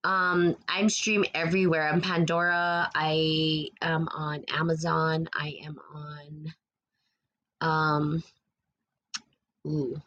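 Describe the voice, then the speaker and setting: A woman's voice: low voice, little pitch movement, slow, fairly bright tone, dull audio. A woman with a New Mexico accent hosting a livestream, moving between an earnest spiritual speech and casual replies to viewers' comments. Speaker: livestream host.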